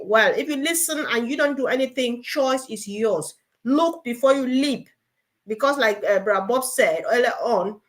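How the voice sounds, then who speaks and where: Woman hosting a group call, fairly high voice, lively and urging. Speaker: meeting co-host.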